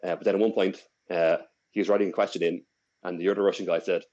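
This low-voiced young man from Ireland talks fast with little pitch movement, his tone slightly mellow, on a muffled recording. As a podcast co-host, he rambles through a lengthy story, restarting often and leaning on fillers.

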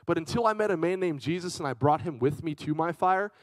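Animated young male youth preacher. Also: on the high side, quick pace, dry recording, poor audio. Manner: animated storytelling, swings from loud to hushed. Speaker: youth pastor. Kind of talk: energetic youth sermon.

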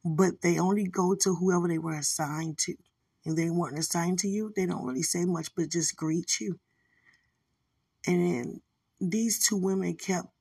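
A woman sharing a spiritual testimony in a relaxed, rambling way, full of "you know"s and warm asides. Her voice is husky and her pace is unhurried. She sits a little back from the mic in a dry room. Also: lowish voice, no room sound, distant mic. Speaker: podcaster.

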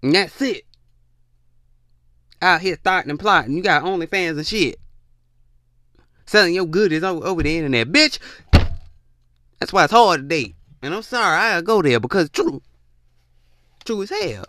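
A man's voice: moderate pace, long pauses, dry recording, clean studio sound. A man giving relationship advice in a blunt, profane, preachy rant. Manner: blunt, profane, preachy, lively swings in pitch. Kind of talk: ranting monologue.

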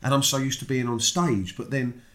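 Chatty British man telling a story. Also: moderate pace. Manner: animated, acts out quoted voices with big pitch jumps. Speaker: guest. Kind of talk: casual storytelling chat.

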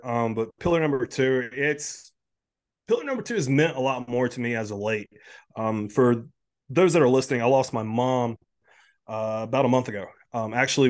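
A man in his thirties, a health coach guest, talking candidly in a casual podcast conversation, full of "like" and "um" and emotional at times. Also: mid-range voice. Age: 30s. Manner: candid, filler-heavy, many "like" and "um".

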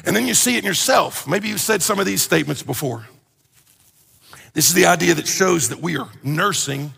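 A man preaching a conversational sermon as pastor, animated and joking, acting out everyday complaints. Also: high-pitched, a little fast, creaky, slightly rough, in a large hall.

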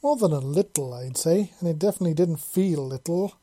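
A bold robot woman soldier from an audiobook story, teasing and playful in every line, as the narrator puts her on. The voice is very dark and mellow, close and dry with no room around it. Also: medium pitch, animated, a little fast, dry recording, close to an everyday voice.

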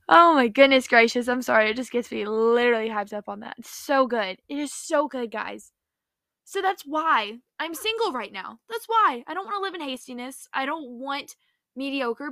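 A young woman retelling a Bible story in a casual, excitable, chatty way and saying "like" often. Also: fairly high pitch, gravelly, dry recording, clean studio sound. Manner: excitable, chatty, heavy use of "like". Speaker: faith vlogger.

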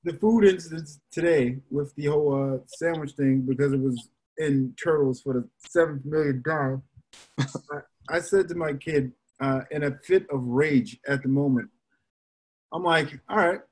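A young adult man and podcast co-host, telling parenting stories in a rambling, animated way with many fillers. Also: on the high side, unhurried, breathy edge. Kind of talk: casual chat.

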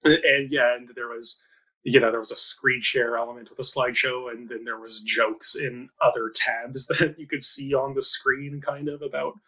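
Male host, casual interview chat, husky and bright, loose and giggly. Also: mid-range voice, level tone, moderate pace. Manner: chatty, laughs often, many fillers. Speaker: podcast host. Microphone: video call.

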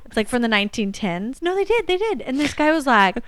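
A woman's voice: sits high, big pitch swings, fast talker, smooth. A woman co-host chatting casually, asking curious questions and joking playfully. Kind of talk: casual chat.

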